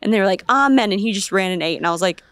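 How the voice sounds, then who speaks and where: A woman's voice: lowish voice, steady tone, very fast, clean tone, dry recording. A young woman co-hosting a casual chat podcast, telling stories in a bubbly, gushing way. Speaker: podcast co-host.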